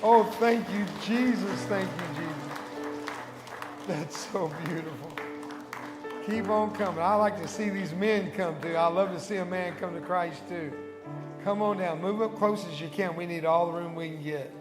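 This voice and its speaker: An older man preaches an altar call, his high voice ringing through a large church hall with a long reverb tail. He urges and encourages, slipping into murmured thanks between lines. Worship music plays steadily behind him. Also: normal speed, a crowd in the background. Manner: fervent, coaxing, breaks into murmured praise. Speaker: guest evangelist. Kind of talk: altar call and led prayer.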